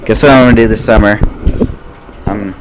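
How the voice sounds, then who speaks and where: A young co-host with a middle-pitched voice who keeps steering a loose group chat and won't let it end. The talk is bossy and quick, and clear noise runs behind it. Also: fairly even intonation. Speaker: podcast co-host. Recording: noisy recording.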